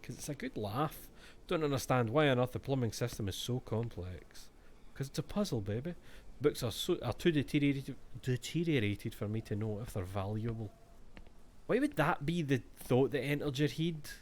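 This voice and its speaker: A man's voice: medium pitch, expressive, moderate pace, darkish tone. Sweary Scottish man streaming a horror game. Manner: jokey and sweary, reads game text aloud. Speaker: let's-play streamer. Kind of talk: casual gameplay commentary.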